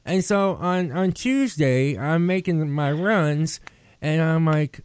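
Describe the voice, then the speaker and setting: A man's voice: a little high, animated, slow, darkish tone, clear, resonant tone, no echo. A man, hosting a podcast and telling a rambling, profane story. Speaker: podcast host. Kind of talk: casual chat.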